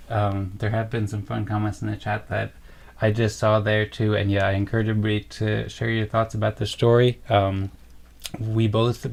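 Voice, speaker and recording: A young man with a low, gravelly voice co-hosts a casual livestream, reading chat comments and rambling on. His delivery is flat and meandering, full of fillers and restarts.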